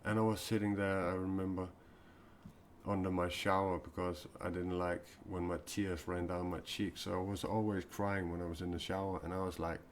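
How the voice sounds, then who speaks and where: A man speaking as a self-described mystic in an improvised live-stream talk, earnest and confessional, often pausing and restarting his sentences. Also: low voice, little pitch movement, slight background noise.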